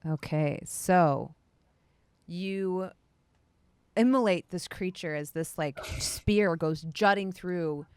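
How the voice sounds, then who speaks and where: Woman game master, lowish voice, measured narration, tabletop game. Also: darkish tone, clear, resonant tone, no room sound.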